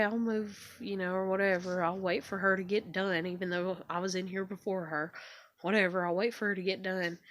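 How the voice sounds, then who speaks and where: A woman's voice: mid-range voice, fairly bright tone, no echo. Frustrated young woman venting on a phone. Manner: frustrated, swearing, repetitive. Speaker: vlogger. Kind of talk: venting rant to camera.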